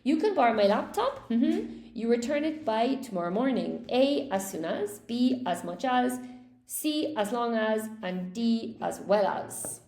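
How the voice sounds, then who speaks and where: A woman's voice: on the high side, lively intonation, unhurried, creaky, a little mellow, reverberant. A woman teaching a live online English class, cheerfully praising students by name as she goes through quiz answers.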